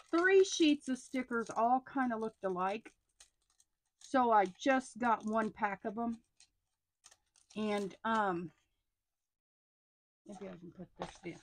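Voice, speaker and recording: A middle-aged woman, chatting casually as she unboxes stationery. She gushes with excitement and often drops into hushed asides. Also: on the high side. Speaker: stationery haul vlogger.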